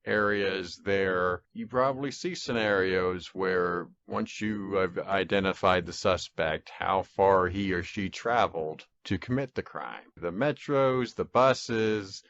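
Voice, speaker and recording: Male host, low voice, relaxed and conversational, dull lo-fi audio. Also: slow, few pauses. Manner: relaxed, conversational, brief affirmations. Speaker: podcast host. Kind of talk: casual interview chat.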